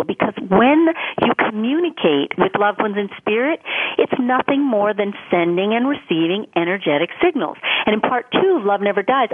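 A woman's voice: mid-range voice, slightly rough. Woman telling a story over the phone. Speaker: guest author. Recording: tinny phone line.

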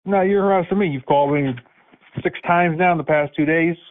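A man's voice: on the high side, fairly quick. A man on the receiving end of a prank call, arguing back with angry, profane threats. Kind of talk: heated phone argument. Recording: tinny phone line.

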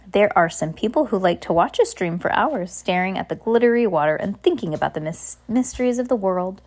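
Mom reading a storybook aloud. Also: female voice, medium pitch, expressive, brisk, hardly any pauses, darkish tone. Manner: informal, with restarts and chatty asides. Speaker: parent reading aloud to her child. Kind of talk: casual storybook read-aloud.

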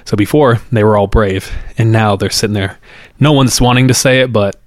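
A man's voice: lowish voice, fairly quick, darkish tone, dry recording, studio quality. A man casually telling a scary local legend, building suspense and acting out the people in it. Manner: builds suspense, acts out quoted voices. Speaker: storyteller. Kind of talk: casual storytelling.

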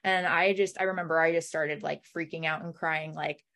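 A woman's voice: deep voice, fairly even intonation, moderate pace, vocal fry, fairly bright tone. A young woman telling a personal story in a conversation, talking emotionally with many "like" fillers and acting out what people said. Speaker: guest.

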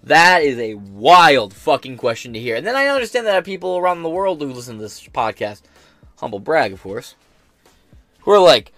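Animated, profane male podcast host. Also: fairly high pitch, moderate pace, no room sound, faint music behind. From United States. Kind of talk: casual commentary reacting to news clips.

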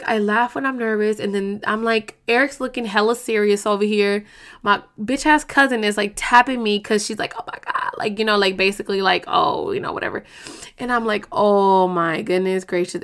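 A young woman tells a story straight to her viewers. She talks in loose slang, swears freely and jumps into quoted voices from line to line. Her pitch sits in the middle range for a woman. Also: fairly bright tone. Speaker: vlogger. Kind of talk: casual storytelling to camera.

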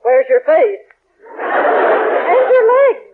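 A woman's voice: big pitch swings, very slow, noisy background, heavily acted. An actress playing a flustered, indignant middle-aged mother in a 1940s radio sitcom, theatrical and exclaiming. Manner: theatrical, exclaiming, sweeping pitch. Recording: tinny old radio broadcast.

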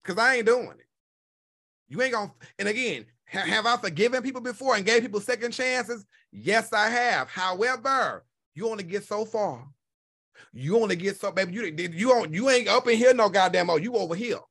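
High-voiced, bright man ranting. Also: expressive, normal speed. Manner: profane, blunt, emphatic. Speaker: podcast host. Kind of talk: casual chat rant.

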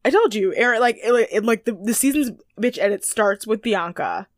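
A young woman co-hosting a casual recap chat, animated and playful, laughing often. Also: fairly high pitch, normal speed, no room sound, studio quality. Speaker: podcast co-host.

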